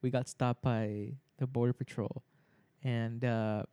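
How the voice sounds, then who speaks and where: A man's voice: medium pitch, level tone, takes it slowly, warm tone, smooth, no room sound. A young man telling a story in casual chat among friends, laughing often and acting out the people he quotes.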